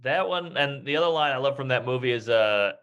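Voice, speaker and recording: A man's voice: mid-range voice, lively intonation, fairly quick, a bit bright, smooth. A man in his thirties hosting a casual chat over drinks, riffing crude comic banter and laughing along. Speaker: podcast host.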